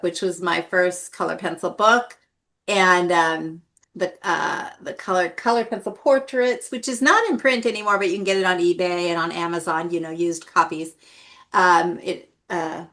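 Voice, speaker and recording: A middle-aged woman, an artist guest in an interview, telling stories in a lively, animated way. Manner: lively, animated anecdotes with big pitch jumps. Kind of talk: casual interview storytelling.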